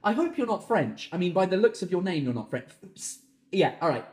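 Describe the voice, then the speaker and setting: A man's voice: sits high, very animated. Comedian guy ranting on his podcast, sweaty and hot, lots of swearing, echoey little room. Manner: ranting, sweary, quick swings into shouting. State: overheated and sweating. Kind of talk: solo podcast, answering listener questions. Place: small hot room at the end of a garden.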